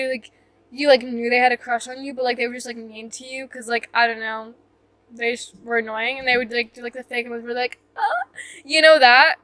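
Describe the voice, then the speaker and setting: A woman's voice: fairly high pitch, bright, forceful tone, dry recording. A young woman telling a storytime on her vlog, rambling and self-mocking, with lots of "like" fillers. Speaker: vlogger. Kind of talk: casual storytime chat.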